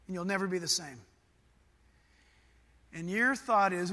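A middle-aged man from Southern California preaching a sermon, animated and conversational, swinging between loud bursts and quiet asides. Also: high voice, a little slow, big-room sound. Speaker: pastor.

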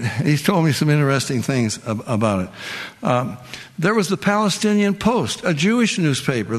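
A man's voice: a little high, long reverb tail. A man giving an emphatic Bible lecture, asking his listeners questions and answering them himself. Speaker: Bible teacher. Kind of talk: sermon-style Bible lecture.

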